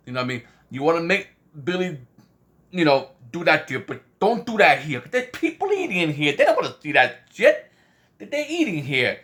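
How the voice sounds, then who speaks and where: Rambling man retelling a story, bright tense voice, keeps saying "you know what I mean". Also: a little high, big pitch swings, fairly quick. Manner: acts out quoted voices. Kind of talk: casual spoken anecdote.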